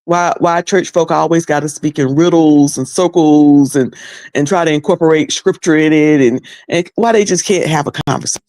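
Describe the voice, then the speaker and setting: A woman's voice: deep voice, moderate pace, darkish tone, no room sound. A middle-aged woman giving loose, candid commentary on a video, rambling and often repeating herself. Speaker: online commentator.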